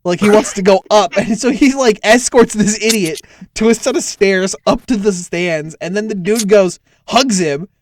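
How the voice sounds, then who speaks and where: A man's voice: high voice, normal speed. A young man running a tabletop game as game master, narrating in a casual, filler-heavy way with cursing.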